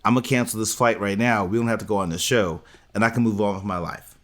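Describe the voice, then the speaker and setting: A man co-hosting a podcast in casual recap chat, opinionated and deliberate, speaking to his listeners. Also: fairly low pitch, steady tone. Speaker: podcast co-host.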